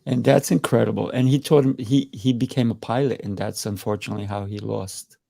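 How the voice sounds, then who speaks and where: Gravelly man hosting, effusive. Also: fairly low pitch, steady tone, a little fast, warm tone. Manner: effusive, repeats words. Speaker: host. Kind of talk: panel show hosting. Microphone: video call.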